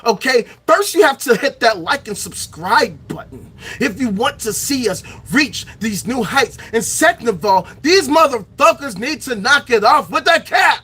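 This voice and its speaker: Man for a ranting vlog host: high, sharp voice, loud and angry, shouts a lot, swears constantly. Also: animated, moderate pace, breathy edge. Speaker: online show host. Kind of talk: profane impassioned rant.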